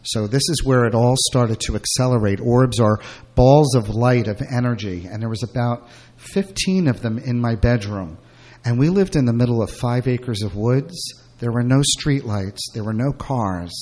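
A man's voice: medium pitch, moderate pace, a little mellow. Middle-aged man telling personal stories. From Brooklyn. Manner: rambling, frequent fillers and restarts. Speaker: guest. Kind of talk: candid personal storytelling.

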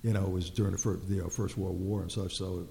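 A man's voice: sits low, little pitch movement, quick pace, gravelly, dark tone, slight background noise. An older man in casual conversation who talks hesitantly and rambles, filling his speech with "you know". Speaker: client.

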